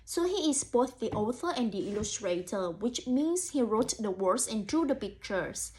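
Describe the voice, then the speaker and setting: A woman's voice: on the high side, animated, normal speed, a little mellow. Young woman teacher doing a storybook read-aloud, encouraging, lots of 'so' and 'mm'. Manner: encouraging, frequent 'so' and 'mm', addresses imagined children. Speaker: student teacher. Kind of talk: picture-book read-aloud with think-aloud commentary.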